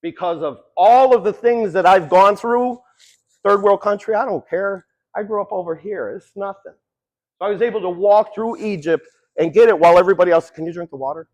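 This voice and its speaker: A man's voice: high voice, brisk, a little mellow, poor audio. A man giving a long-winded, conversational motivational talk about addiction, swearing casually as he tells stories. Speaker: speaker.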